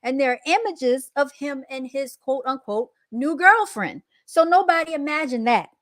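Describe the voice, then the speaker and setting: A woman hosting a casual reaction commentary, animated and emphatic, often calling out to her viewers. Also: sits high, normal speed, no echo, studio quality. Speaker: commentary host.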